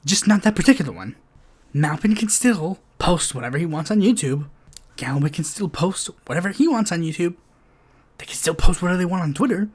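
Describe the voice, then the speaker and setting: Sarcastic male podcast host, lively pitch. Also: fairly quick, slightly rough. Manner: exasperated, sarcastic, many fillers. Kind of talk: political commentary monologue.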